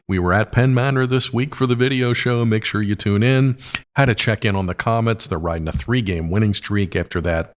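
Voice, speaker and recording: Deep-voiced guy, raspy from a cold, casual sports podcast, keeps saying wow. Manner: quick, upbeat, lots of wows and uh fillers. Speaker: sports writer hosting a podcast.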